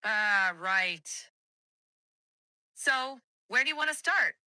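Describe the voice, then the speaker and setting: A synthetic female AI assistant voice, answering politely in a measured, accommodating way. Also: fairly high pitch, animated, sharp tone, dry recording. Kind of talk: conversational AI replies.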